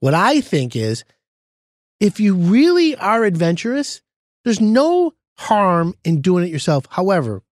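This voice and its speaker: A man hosting a casual podcast as a contractor, telling animated stories and giving plain advice. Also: high-pitched, measured pace, no room sound, studio quality. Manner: animated storytelling with laughs.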